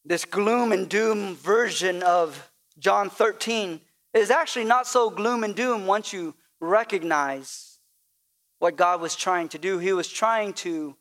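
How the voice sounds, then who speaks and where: A man's voice: high voice, takes it slowly, a bit bright. A male pastor preaching a sermon, with call-and-response and repetition that builds to emphatic peaks.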